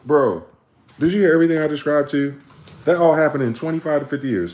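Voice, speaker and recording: A man hosting a livestream, ranting with profanity, repeating words in chains and breaking into sudden high-pitched shouts. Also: lively intonation, fairly quick, pauses often. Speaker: livestream host. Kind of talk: livestream monologue.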